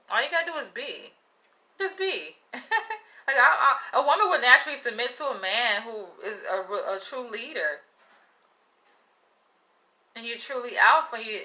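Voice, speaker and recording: A young woman giving a blunt, profane, animated monologue to camera, laughing often as she talks. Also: medium pitch. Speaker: vlogger.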